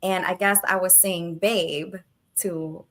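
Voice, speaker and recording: A woman's voice: on the low side, fairly even intonation, slow, a bit bright. A woman in her thirties, co-hosting a podcast, telling a personal story in a casual way, acting out quoted dialogue and laughing now and then. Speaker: podcast co-host.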